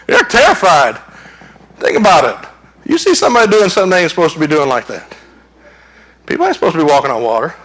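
Animated man preaching a sermon. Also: high-pitched, quick pace, slight background noise. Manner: animated, acts out screams and voices in his storytelling. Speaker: pastor.

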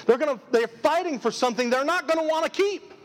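A man's voice: extremely high pitch, fast. A man preaching a live sermon as pastor, emphatic and full of repeated rhetorical questions. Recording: long reverb of a large hall.

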